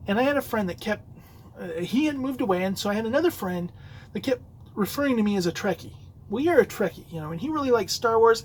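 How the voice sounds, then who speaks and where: A man's voice: high voice, a little hiss or hum, low-quality recording. A man hosting a solo podcast, telling a rambling story with many fillers and restarts. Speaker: podcast host. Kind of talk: casual solo podcast talk.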